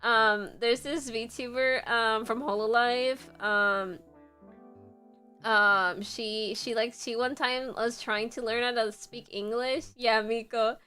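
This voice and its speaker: A woman's voice: on the high side, fairly even intonation, takes it slowly, pushed and bright, clear, resonant tone, soft background music. Giggly young Puerto Rican woman streaming. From Puerto Rico. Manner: chatty, giggly, rambling with many fillers. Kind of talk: casual livestream chat.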